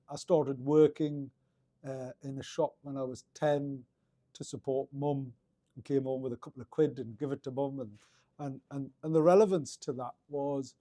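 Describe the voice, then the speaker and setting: A man's voice: mid-range voice, dark tone, no echo, clean studio sound. A middle-aged man with a Geordie accent, telling his story in a casual interview, rambling with many restarts and fillers. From Northeast England. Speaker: guest.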